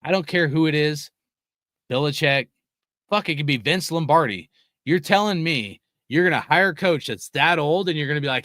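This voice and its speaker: A man's voice: on the high side, normal speed, fairly bright tone, no echo, studio quality. A young man hosting a live sports podcast, ranting heatedly and swearing constantly while he reads out chat messages. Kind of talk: profane casual sports rant.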